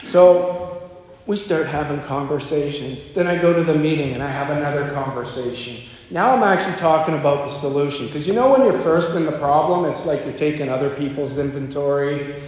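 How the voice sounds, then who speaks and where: A man telling his own recovery story at a meeting, slipping into a lower voice when he quotes others. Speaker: speaker sharing at a recovery meeting. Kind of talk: personal recovery talk. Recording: echoey hall, faint ambience.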